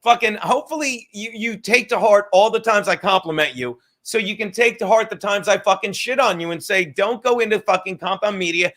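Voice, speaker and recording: A man with a high, bright voice rants and swears as he hosts a rambling live stream, calling out chatters by name. He sounds loose and a little drunk, going from sarcastic jabs to preachy lectures without a break. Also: a little fast, hardly any pauses. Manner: profane, ranting, sarcastic, addresses chatters by name. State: says he is drunk. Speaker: podcast host reading live chat.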